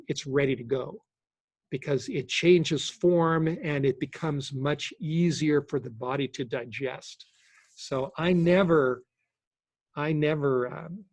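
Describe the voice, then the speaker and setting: A man in his sixties hosting a casual question-and-answer webinar, talking in a relaxed, halting way with many restarts. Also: fairly high pitch, husky, no room sound. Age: 60s. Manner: halting, repeats words, relaxed. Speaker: host.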